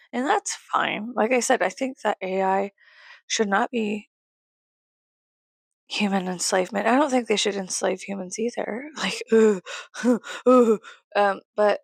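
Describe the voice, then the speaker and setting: A woman's voice: mid-range voice, creaky, no echo. A young woman rambling in a casual vlog, swearing and laughing often, close to her mic. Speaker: YouTuber.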